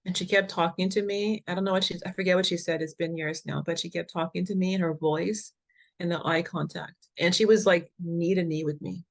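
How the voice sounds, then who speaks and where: A woman's voice: lowish voice, fairly even intonation, fairly quick, gravelly. A woman who founded a health foundation, telling her story as an interview guest in an earnest, emphatic way and laughing between points.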